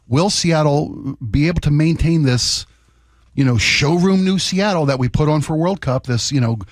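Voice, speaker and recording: A man co-hosting a talk radio show, eager and quick to jump in and finish others' sentences. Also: a little high, no room sound, studio quality.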